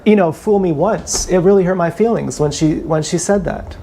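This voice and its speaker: A man's voice: sits high, normal speed, warm tone, a little hiss or hum. A man ranting bitterly and with contempt on a live stream, often repeating himself, filmed on an action camera. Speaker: vlogger.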